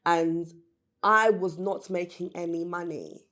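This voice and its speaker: A woman's voice: on the low side, fairly even intonation, slow pace, a bit bright. A woman who founded a business, talking candidly and earnestly as a podcast guest, often with fillers. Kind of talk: casual interview chat.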